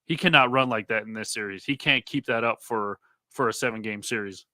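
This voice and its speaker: A man's voice: on the low side, a little fast, pushed and bright, no echo. A man co-hosting a casual sports podcast, talking in a conversational way that hedges with fillers. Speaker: podcast co-host.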